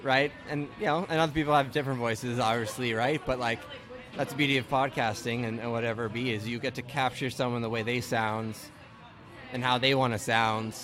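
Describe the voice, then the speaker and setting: A man's voice: medium pitch, steady tone, a little fast, over music. Podcast host, man from Ontario, mid-range voice, loose filler-heavy chat. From Ontario, Canada. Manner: chatty, many filler "like" and "right". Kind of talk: casual chat.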